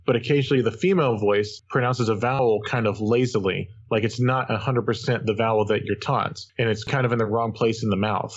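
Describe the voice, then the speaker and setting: A man co-hosting a gaming podcast, explaining things in a measured, careful way. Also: on the low side, steady tone, muffled recording. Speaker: podcast co-host. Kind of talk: casual chat.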